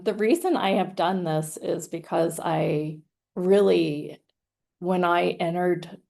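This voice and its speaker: A chatty woman guest speaker with a lowish voice and a gravelly edge. She talks casually and sounds self-amused, laughing between her thoughts as she gives an online presentation. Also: dark tone. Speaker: guest speaker, hypnotherapist and author.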